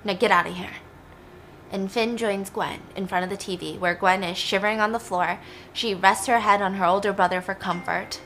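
A woman's voice: medium pitch, fairly even intonation, fairly quick, fairly bright tone, slight background noise. A young woman casually retelling a film plot in a chatty way, with lots of like and you know. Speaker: storyteller.

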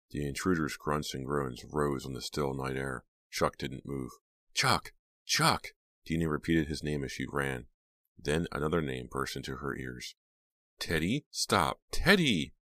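A man reading an audiobook aloud in a steady, measured way. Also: extremely low pitch, dry recording. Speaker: audiobook narrator. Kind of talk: scripted audiobook narration.

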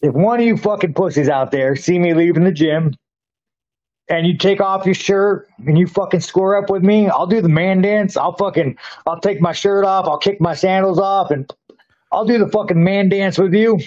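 A man's voice: high voice, moderate pace, darkish tone. A man talking as a guest in a casual chat, blunt and crude, swearing constantly and boasting. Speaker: interview guest, fighter. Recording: dull lo-fi sound.

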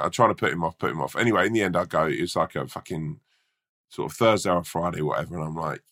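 A man with a very low, gravelly voice that still has a bright edge. He is a hungover stand-up comic, swearing freely as he tells a story in an easy chat. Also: fast talker. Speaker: stand-up comedian. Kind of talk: casual podcast chat, anecdote.

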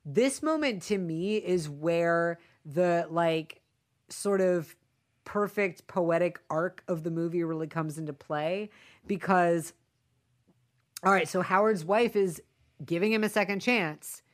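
A woman in casual conversation, retelling movie scenes with quick quoted asides. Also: on the low side. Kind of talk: casual film discussion.

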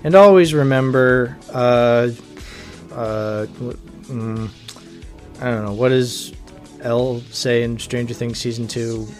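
A man in a mid-pitched voice hosts his own solo podcast. He rambles loosely, full of "like" and "um", with a dry, sardonic edge. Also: slow pace, soft background music. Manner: rambling, sardonic, lots of fillers. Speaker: podcast host. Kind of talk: casual solo podcast talk.

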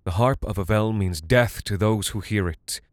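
A man voicing an older woman bard who speaks low and gravely in warning. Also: normal speed, no echo, studio quality, close to an everyday voice.

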